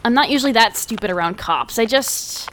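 A foul-mouthed, hot-tempered delinquent teenage girl, cursing bluntly and defensively. Her voice sits a little high. She is a character in a video game. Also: animated, brisk, a bit bright, slight background noise. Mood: sheepish.

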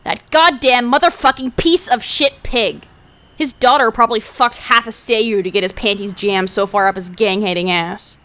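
A woman's voice: a little high, moderate pace, bright, forceful tone. A young woman voicing a hot-tempered, foul-mouthed underage delinquent girl who swears constantly and talks bluntly and defensively. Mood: bitter.

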